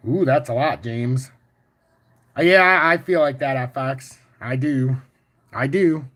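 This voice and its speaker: A man hosting a casual crypto livestream, walking through charts and chatting with viewers in a boastful, profane, animated way. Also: mid-range voice, unhurried. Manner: boastful and confident. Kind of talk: casual livestream chart talk, answering chat.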